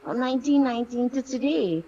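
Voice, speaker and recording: A woman with a Trinidadian accent calling in to a talk show, passionate, talking in quick bursts and repeating words. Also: on the high side, animated, mellow, breathy edge. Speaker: caller. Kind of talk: call-in conversation. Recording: dull phone-line call.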